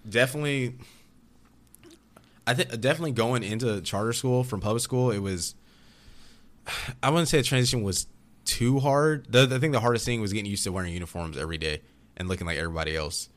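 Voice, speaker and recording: A young man in casual chat, telling rambling, animated stories about growing up, with frequent restarts. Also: mid-range voice, quick pace, long pauses. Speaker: podcast guest.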